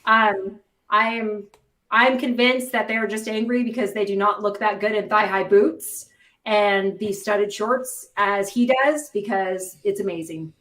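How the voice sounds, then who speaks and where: A woman's voice: medium pitch, a little slow, a bit bright, distant mic. A woman hosting a live news stream, chatting sarcastically with many fillers. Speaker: host. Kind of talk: casual news commentary. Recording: echoey room, off mic.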